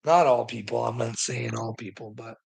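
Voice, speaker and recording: Gravelly, husky man in a profane rant. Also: medium pitch, fairly even intonation, moderate pace, darkish tone. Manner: profane, swears constantly; stammers and restarts. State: weary. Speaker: vlogger. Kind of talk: ranting monologue to the camera.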